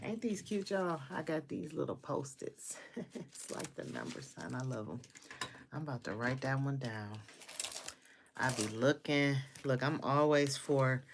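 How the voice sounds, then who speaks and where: A woman talking blunt and outspoken on a casual venting livestream, laughing often. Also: a bass voice. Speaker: livestream host.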